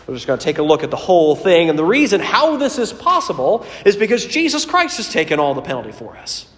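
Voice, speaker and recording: Pastor preaching in a reverberant hall. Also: male voice, high-pitched, huge pitch swings, fast talker. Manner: earnest, storytelling, shifts between loud emphasis and quiet asides. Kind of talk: sermon.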